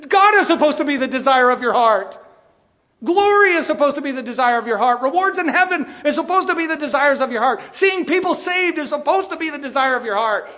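A man's voice: extremely high pitch, lively intonation, brisk, pushed and bright, long reverb tail. A middle-aged male pastor preaching a sermon, firing rhetorical questions and briefly mimicking other voices.

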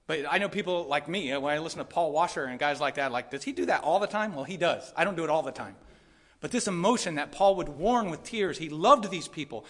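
A male pastor preaching a sermon with passion, swinging between loud pleading and quiet reflection. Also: a little high, animated, a little fast.

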